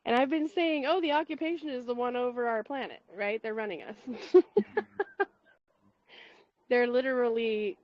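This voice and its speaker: A woman's voice: a little high, moderate pace, pauses often, no room sound, highs cut off. A woman hosting a community call, chatting casually and rambling through asides with frequent laughs. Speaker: host of a spiritual community call. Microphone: call mic.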